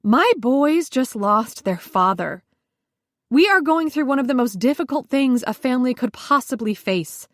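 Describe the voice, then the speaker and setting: A woman narrator voicing a grieving widowed mother who speaks in sharp, indignant bursts, in a dry, close recording. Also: high-pitched, animated, normal speed, no echo. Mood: upset.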